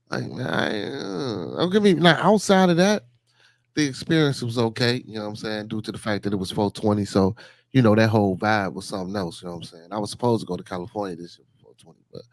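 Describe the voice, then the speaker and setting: A man's voice: on the low side, creaky, no echo. A man hosting a casual livestream podcast, greeting viewers and rambling loosely with repeated phrases. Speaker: podcast host.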